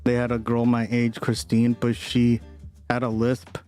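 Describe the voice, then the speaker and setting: A man's voice: medium pitch, monotone, unhurried, darkish tone, soft background music. A man hosting a casual livestream, rambling and swearing freely as he comments, often breaking into laughter. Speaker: livestream host.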